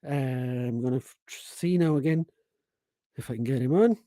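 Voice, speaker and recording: A man's voice: medium pitch, moderate pace, dark tone, dry recording. A man in his forties hosting a casual livestream podcast, rambling and stumbling over his words. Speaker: podcast host.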